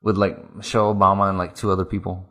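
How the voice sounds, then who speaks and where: A young man with a low voice trades blunt, slangy talk as a podcast co-host. He swears freely and calls his partner "dog" and "dude" in relaxed back-and-forth. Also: fast talker. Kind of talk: casual chat.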